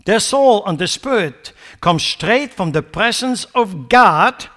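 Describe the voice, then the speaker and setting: Slow-paced and animated, his high voice sounds pushed and bright as he delivers a sermon. He mocks errors with sarcastic restatements, asks rhetorical questions, and rises to forceful peaks when underlining his point.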